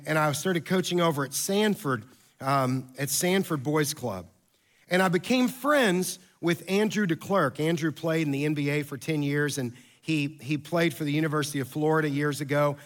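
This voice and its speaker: A pastor preaches a sermon, telling stories in an animated, conversational manner. His voice is a little high.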